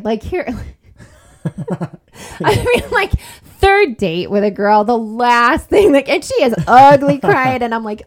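A woman's voice: on the high side, lively intonation, measured pace. A young woman, a podcast guest, telling a heartfelt personal story in casual conversation, full of fillers and repeated words.

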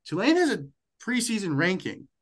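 A man's voice: high-pitched, sing-song, moderate pace. A young man co-hosting a podcast, chatting casually and rambling through football picks with plenty of self-corrections. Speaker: podcast co-host. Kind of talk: casual sports chat.

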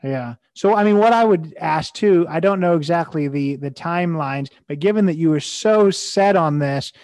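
A man hosting an interview, reflective and a little halting as he reacts and asks questions. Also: fairly high pitch, a little mellow, no room sound. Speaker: host.

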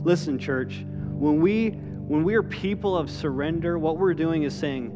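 A man's voice: a little high, normal speed, big-room sound. A man preaching a sermon in a conversational way, often repeating words and acting out quotes. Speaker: pastor. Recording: guitar music underneath.

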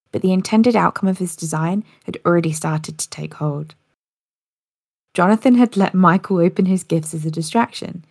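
In a laid-back podcast style, a woman with a deep, gravelly voice tells a story, sometimes stumbling and starting over. The recording is close and dry, without any room sound.

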